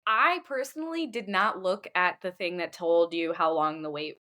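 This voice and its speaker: A woman in her thirties, a podcast co-host telling a lively story in casual chat, putting on the voices of others. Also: fairly low pitch, moderate pace.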